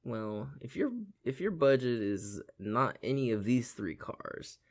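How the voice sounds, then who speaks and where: A man's voice: mid-range voice, animated, unhurried. A man voicing a grown male car salesman with a sly showman delivery.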